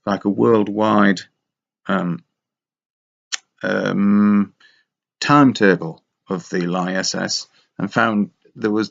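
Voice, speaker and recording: A man drifts through a casual, meandering monologue, wry and self-mocking. His voice sits low with a gravelly fry, and he takes his time over every thought. The recording is dull and lo-fi. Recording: dull lo-fi sound.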